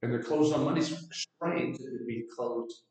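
A man's voice: medium pitch, normal speed, a little mellow, distant mic. Chatty man heard off-mic in echo. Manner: chatty, teasing, laughs often. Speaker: podcast co-host. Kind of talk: casual podcast chat. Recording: echoey room, away from mic.

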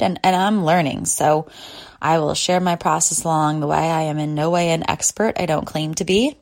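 A woman in her thirties talks from her bed in a relaxed solo podcast chat. Her voice sits low and has a gravelly fry, and she takes her time, drifting through long pauses and soft sighs. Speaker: podcast host. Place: lying in bed at home.

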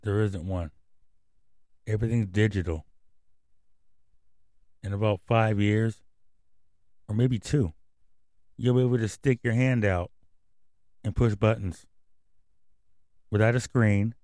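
A man's voice: lowish voice, steady tone, slow pace, pauses often, a little mellow, no room sound. A man hosting his own radio show, riffing on news items in blunt, profane, rambling rants. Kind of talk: casual commentary and news reading.

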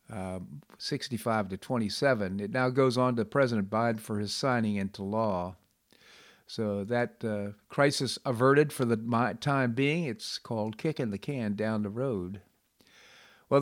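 A middle-aged man hosting a radio talk show, reading news and giving commentary in a conversational way with frequent fillers and restarts. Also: lowish voice.

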